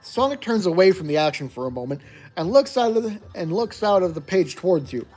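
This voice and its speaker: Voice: mid-range voice, very animated, fairly quick, darkish tone, faint music behind. A player reading a choose-your-own-adventure gamebook aloud, narrating evenly and making wry asides.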